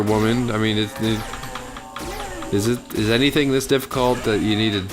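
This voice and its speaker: A man's voice: on the low side, fairly even intonation, moderate pace, music in the background. A man casually telling a long, rambling story over gameplay, full of fillers, acting out what people said. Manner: rambling, filler-heavy, acts out quotes. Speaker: gaming channel host.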